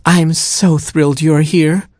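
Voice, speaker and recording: A man voicing a fussy, fretful female baboon queen in a storybook, with a high, anxious and whiny voice. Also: fairly even intonation, slow pace, darkish tone, dry recording, clean studio sound. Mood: excited.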